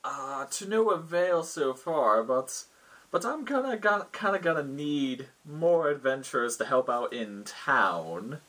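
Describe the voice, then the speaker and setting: Crazy giddy mad king a guy doing in a way higher voice, husky, kinda far off the mic. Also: slow, heavily acted. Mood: manic. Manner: excitable, theatrical exclamations. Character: mad rambling male king, manic and giddy.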